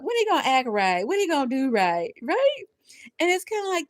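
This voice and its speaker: Animated laughing woman tarot reader. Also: high voice, fairly quick, no echo, studio quality. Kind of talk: live tarot reading.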